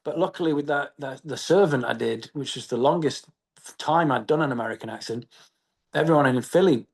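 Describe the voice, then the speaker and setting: A man from England, an actor, talking casually in an interview, animated, with many fillers and restarts. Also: mid-range voice, fairly quick, vocal fry. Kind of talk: press junket interview.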